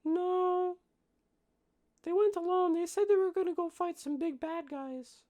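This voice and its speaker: A woman voicing a timid, trusting young halfling boy who answers slowly and hesitantly. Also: very high voice, steady tone, mellow, pitched above the performer's own voice. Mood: innocent. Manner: slow, hesitant, childlike answers.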